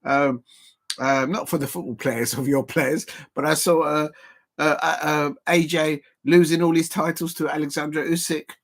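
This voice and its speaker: A man hosting a live football watch-along stream, rambling and excitable, full of fillers and repeats. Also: on the high side, moderate pace, gravelly.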